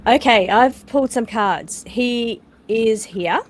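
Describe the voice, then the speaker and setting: Calm woman giving a tarot reading. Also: a little high, slow pace, a little hiss or hum. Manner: calm, relays impressions of energy. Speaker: tarot card reader. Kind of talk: live reading.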